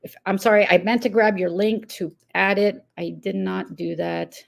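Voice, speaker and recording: A woman's voice: mid-range voice, steady tone, normal speed, vocal fry. A woman hosting a commentary talk, exasperated and incredulous, speaking straight to the person she criticizes. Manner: irritated, incredulous, addresses target directly. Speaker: commentary host.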